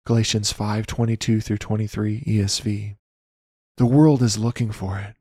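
A man reading a personal faith testimony aloud in an earnest, measured way, citing scripture references. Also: fairly low pitch, fairly even intonation, mellow, slightly rough, dry recording, clean studio sound. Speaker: Christian storyteller. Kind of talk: read devotional testimony.

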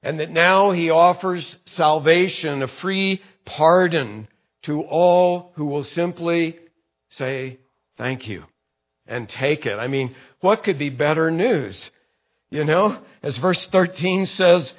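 A man preaches a sermon at an unhurried, deliberate pace. His voice sits a little high, and he works through scripture verse by verse with vivid illustrations. The recording sounds dull and lo-fi. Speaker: pastor.

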